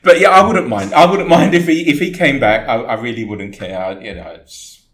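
A man's voice: mid-range voice, brisk. A man co-hosting a football podcast in casual chat, joking and laughing as he riffs. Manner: laughing, animated when joking. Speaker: podcast co-host. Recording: echoey room with faint noise.

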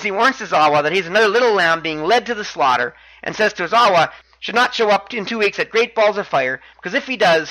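Dude doing a wrestling recap podcast, highish voice, chatty and a bit wry. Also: male voice, pushed and bright, poor audio. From Canada. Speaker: podcast host.

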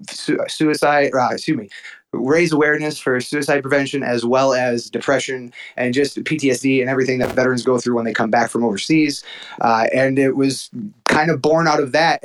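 A man who promotes wrestling shows, calling in as a guest on a podcast. He talks in an upbeat, energetic way, jokes about himself and is a little out of breath. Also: medium pitch, low-quality recording. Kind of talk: phone-in interview. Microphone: phone call-in.

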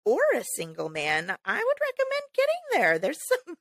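Woman podcast co-host, chatty storyteller, bright tone, dry studio sound. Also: a little high, wildly swooping pitch, moderate pace, no room sound. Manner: chatty storyteller, laughs often. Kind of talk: casual chat.

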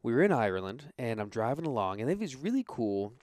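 A man's voice: mid-range voice, sing-song, fast, darkish tone, dry recording. A man hosting a podcast, talking casually and upbeat, rambling with fillers into a close mic. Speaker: podcast host.

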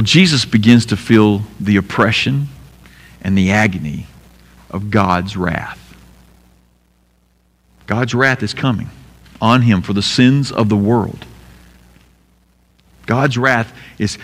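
A pastor giving an emphatic sermon, asking rhetorical questions and repeating key lines. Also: male voice, medium pitch, a bit bright, long reverb tail.

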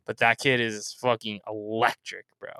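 A man's voice: on the low side, normal speed, clear, resonant tone, no room sound. A young man co-hosting a podcast, telling stories in casual sports chat and peppering them with bro, dude and swearing. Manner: animated storyteller, swears, says bro and dude. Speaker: podcast co-host.

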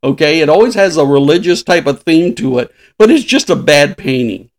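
A man in his sixties hosts a casual podcast, his voice sitting high for a man. He rambles through anecdotes with frequent chuckles, a chatty storyteller among friends. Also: lively intonation, normal speed. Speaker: podcast host. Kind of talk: casual chat.

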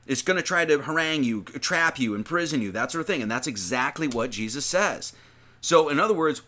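Animated bright-voiced man preaching casually. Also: medium pitch. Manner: animated, slangy, reads verses then riffs with rhetorical questions. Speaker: lay preacher. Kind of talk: informal sermon on scripture.

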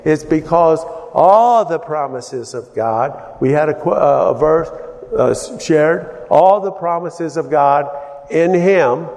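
A man preaches in a slow, unhurried teaching sermon, his voice sitting somewhat high for a man. He explains things haltingly, often restarting his sentences. The sound rings with a long hall reverb. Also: animated, a little mellow. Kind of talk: sermon-style Bible teaching.

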